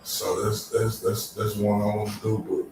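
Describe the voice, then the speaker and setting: A man's voice: fairly low pitch, completely flat delivery, a little slow, darkish tone, slight background noise. A man hosting a casual after-show chat, loose and exclamatory, laughing often. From Dallas, Texas. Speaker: show host. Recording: very echoey room, distant mic.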